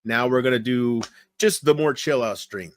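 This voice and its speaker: A man streaming late at night. He keeps his voice low and rambles casually while talking straight to his viewers. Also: normal speed. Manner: relaxed, rambling, talks straight to viewers in chat. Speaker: livestreamer.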